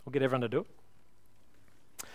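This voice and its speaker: A man's voice: mid-range voice, fairly even intonation. A man preaching a sermon at a church service, earnest and pleading, leading the congregation in prayer. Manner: earnest, pleading, builds with illustrations then slows to prayer. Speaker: pastor.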